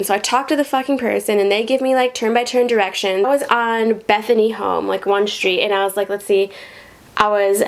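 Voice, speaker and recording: A woman's voice: mid-range voice, steady tone, fairly quick. A young adult woman telling rideshare driving stories in a casual, rambling, profane vlog style, with lots of "like".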